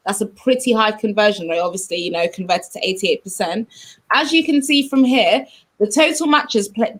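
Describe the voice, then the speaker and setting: Upbeat woman co-host, reads stats and chat shout-outs, casual tone. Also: mid-range voice.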